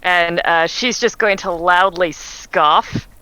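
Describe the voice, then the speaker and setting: Bright-voiced woman player in a tabletop game. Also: lowish voice, slow, smooth, poor audio. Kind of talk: casual play.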